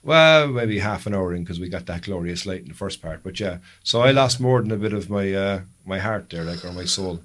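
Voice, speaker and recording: An Irish podcast co-host with a fairly low voice, talking in a relaxed, casual way. He tells long, winding anecdotes and keeps backtracking to fix details mid-sentence. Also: fairly quick, hardly any pauses. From Ireland. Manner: long rambling storytelling with self-corrections. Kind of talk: casual chat.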